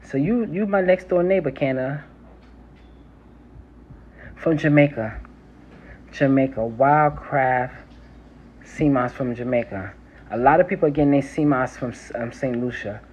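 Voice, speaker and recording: Her mid-range voice is husky and a little mellow, unhurried, with frequent pauses. The New York herbalist, accent intact, laughs often and addresses her live stream viewers as "y'all" while chatting casually on her phone. She's at home in the city near a train line, and faint trains and street sounds come through the slightly muffled recording.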